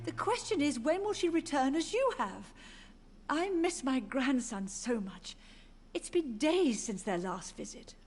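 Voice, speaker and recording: A woman's voice: high voice, big pitch swings, measured pace. A frail, confused old mother. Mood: confused, tender. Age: older. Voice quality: gentle, dreamy, drifting between tender and sorrowful. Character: frail confused elderly mother, grieving and wandering in mind. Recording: game audio with loud music behind.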